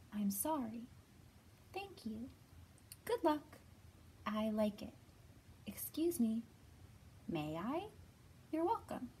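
A woman librarian leading a children's storytime, reading aloud in an expressive, bright manner and acting out the quoted lines. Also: a little high, a little hiss or hum.

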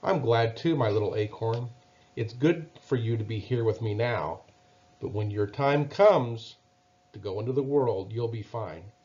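A gentle mother oak tree, read by a man. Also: mid-range voice, a little slow, lo-fi sound, lightly acted. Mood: reassuring. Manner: calm, reassuring.

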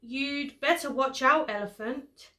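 A woman's voice: sits high, takes it slowly, bright, forceful tone, voice pushed up, full character voice. Woman doing a jittery storybook bear. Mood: warning. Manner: kindly, then jittery and stammering. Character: friendly male bear who turns nervous.

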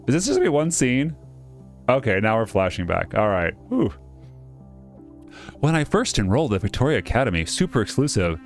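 A man reading a visual novel aloud and breaking off into wry jokey asides, often stumbling over names. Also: sits low.

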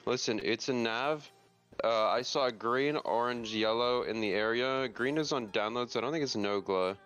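Brief: smooth-voiced man, calm gamer reasoning, faint game music. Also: mid-range voice, normal speed. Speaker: player. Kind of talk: casual gaming chat.

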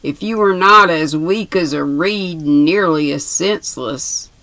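A woman's voice: low voice, a little slow, sharp tone, dry recording, full character voice, rough recording. A woman reading aloud who voices a cruel dwarf man with a mocking, sneering manner.

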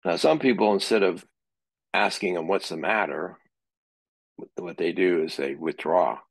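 Low gravelly man giving a lecture. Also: unhurried, no echo. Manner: conversational, acts out example dialogue. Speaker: psychology lecturer. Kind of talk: classroom lecture.

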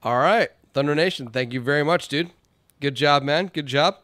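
A man's voice: fairly high pitch, moderate pace, a bit bright, no echo. A man hosting a singing contest in an online game lobby, upbeat and encouraging. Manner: upbeat and encouraging, lots of "all right". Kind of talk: casual game-stream hosting.

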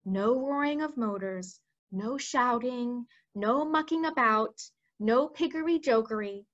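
Woman doing a gentle giant with jumbled grammar. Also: a little high, a little slow, dull audio. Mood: hushed warning. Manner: mangled words and grammar.

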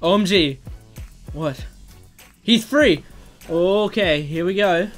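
A man reading a text story aloud and reacting excitedly as it unfolds, gasping and exclaiming at every twist. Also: high-pitched, slow pace, faint music behind. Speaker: gaming video host.

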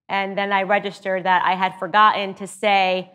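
A woman's voice: medium pitch, a little fast, few pauses, fairly bright tone. A woman hosting her show, telling a personal story in an earnest, emphatic way and drawing a lesson from it. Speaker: show host.

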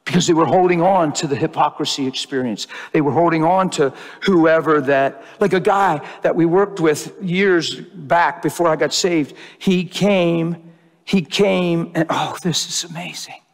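A man preaching a sermon, telling stories in an animated, emotional way and acting out the people he quotes. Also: a little high, a little slow. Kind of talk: sermon storytelling. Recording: long hall reverb.

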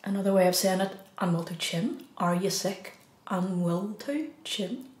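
Irish woman teaching beginners, really slow, says it twice then translates, echoey room. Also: mid-range voice, a little mellow. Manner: repeats each phrase slowly, then gives the English. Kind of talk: slow beginner language lesson.

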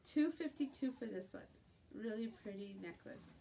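A woman's voice: a little high, animated, moderate pace, vocal fry, warm tone. A middle-aged woman selling jewelry on a live stream from home, chatting casually and sometimes cooing in baby talk. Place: home at night. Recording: distant phone mic with faint room noise.

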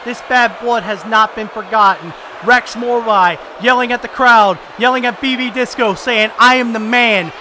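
A man calling a wrestling match as play-by-play commentator, excitable and often shouting over the action. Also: very high voice, normal speed, few pauses. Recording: loud crowd and noise behind.

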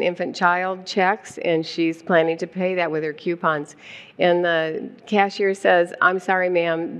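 An older woman telling a personal story on stage with animated delivery and frequent laughter. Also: fairly low pitch, clean tone. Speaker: guest speaker, founder's wife. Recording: long hall reverb.

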